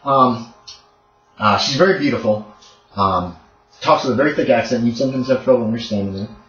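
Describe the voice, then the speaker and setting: A man's voice: medium pitch, brisk, a bit bright, soft background music. A man narrating a tabletop horror game as game master, casual and rambling with many fillers. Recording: dull roomy recording.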